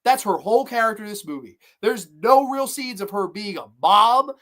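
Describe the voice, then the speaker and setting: A woman's voice: medium pitch, animated, moderate pace, fairly bright tone. A woman hosting a movie review show, ranting bluntly and with lots of swearing about a film she dislikes. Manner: profane, blunt, exasperated. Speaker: movie review podcast host.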